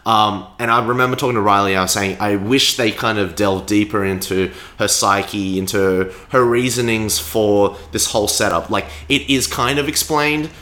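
Young male podcaster, fairly low, bright voice, halting delivery with many "um"s. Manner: hesitant, many fillers and restarts. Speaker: podcast co-host reviewing a film. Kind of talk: casual film discussion.

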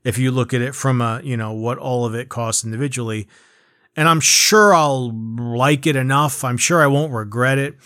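A man's voice: mid-range voice, normal speed, pushed and bright, no echo, studio quality. A man ranting casually about video games, rambling and swearing with lots of fillers. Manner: rambling, profane, frequent fillers and restarts. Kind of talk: casual rant.

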